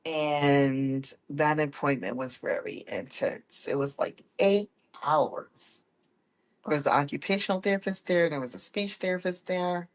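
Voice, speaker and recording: A woman guest telling her personal story in a casual, lively way, often correcting herself as she goes. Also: deep voice, unhurried. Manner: animated, acts out quoted people with voice changes; laughs often, corrects herself mid-sentence. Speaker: guest, autism mom.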